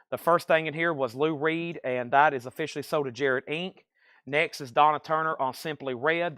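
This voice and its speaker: A man running a livestreamed record sale, calling out bids and prices in brisk auctioneer-style bursts. His voice is mid-pitched and the sound is dry and close, though he drifts away from the mic as he moves around the shop. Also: fairly bright tone, clear, resonant tone, dry recording. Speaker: live sale host. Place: record store.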